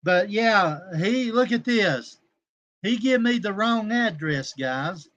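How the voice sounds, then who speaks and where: A man hosts a casual livestream, his voice sitting high for a man. He rambles, turns combative and coarse, and breaks off to greet viewers in his chat by name. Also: lively intonation, takes it slowly, fairly bright tone, dull audio. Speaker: livestream host.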